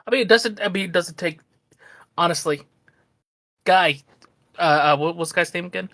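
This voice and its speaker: A man's voice: high voice, normal speed, pushed and bright, no room sound, clean studio sound. A man, a musician guest on a podcast, chatting in a laid-back, teasing way. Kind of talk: casual interview chat.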